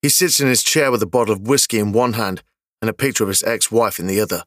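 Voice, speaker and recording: A man narrating an audio story in a steady, measured scripted reading. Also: fairly low pitch, no echo, clean studio sound.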